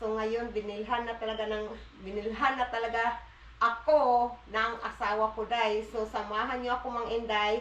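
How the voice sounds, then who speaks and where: A woman's voice: fairly high pitch, little pitch movement, normal speed, a bit bright, roomy sound, muffled recording, a little hiss or hum. A woman with a Filipino accent, a family vlogger chatting casually with her viewers at home. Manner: chatty, mixes Filipino and English, calls viewers "Day". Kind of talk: casual vlog chat to viewers.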